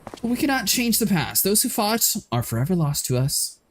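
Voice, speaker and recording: A man's voice: high voice, big pitch swings, normal speed, a little hiss or hum, voice pushed up. A man reading aloud the lines of a grieving old nobleman from a fantasy game, formal and mournful. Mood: solemn.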